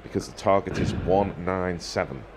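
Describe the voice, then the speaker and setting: A man giving ball-by-ball cricket commentary in a measured, wry way, lifting his voice when a wicket falls. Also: low-pitched. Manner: wry, measured, quick to joke.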